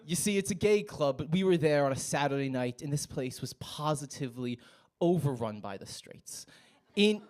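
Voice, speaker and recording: A man's voice: fairly high pitch, lively intonation, normal speed, a little mellow. A young American man performing a stand-up set in a comedy club, with a wry, self-mocking delivery.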